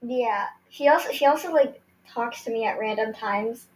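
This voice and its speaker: A woman's voice: fairly high pitch, moderate pace, rough recording. A teenage girl who is a guest on her friend's podcast, teasing her friend and telling her own story with some hesitation. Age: teens. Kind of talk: casual chat.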